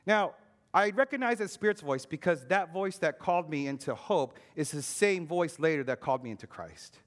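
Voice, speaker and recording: A male pastor preaching a sermon with personal testimony, earnest and emphatic, slowing down and dropping low on key words. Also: animated.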